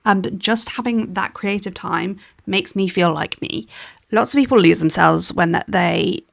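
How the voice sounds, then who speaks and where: Candid young woman's gravelly voiceover. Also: fairly low pitch, a little slow, no echo, studio quality. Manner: candid, rambling with restarts and little laughs. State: tired, yawning. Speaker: planner vlogger. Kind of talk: personal voiceover chat.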